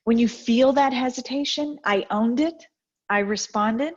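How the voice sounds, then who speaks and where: Husky-voiced woman giving a motivational talk. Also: fairly high pitch, unhurried. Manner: lively storyteller, acts out quoted exchanges. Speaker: guest speaker. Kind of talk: motivational talk with personal stories. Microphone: video call. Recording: dull lo-fi video call audio.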